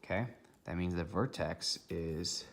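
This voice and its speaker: A man's voice: deep voice, a little slow, creaky. A man teaching a recorded math lesson, walking through each step methodically and checking in with "okay" along the way.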